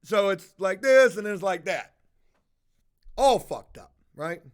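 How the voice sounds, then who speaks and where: Fairly high-voiced male vlogger, swears freely, tells it animated and casual. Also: measured pace, smooth. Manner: profane, animated storytelling. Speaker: house flipper vlogger. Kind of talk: casual livestream chat.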